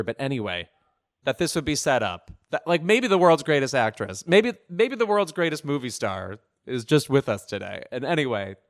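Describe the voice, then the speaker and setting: A man co-hosting a podcast, chatting about pop culture in a wry, sardonic, self-deprecating way. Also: medium pitch. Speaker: podcast co-host. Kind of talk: casual pop-culture chat.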